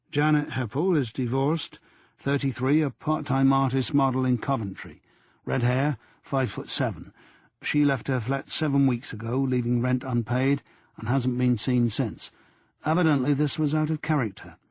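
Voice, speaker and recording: A man narrates a crime audiobook in a measured, even way. His voice is husky, recorded dry with no room sound. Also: medium pitch, no echo. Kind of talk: scripted narration.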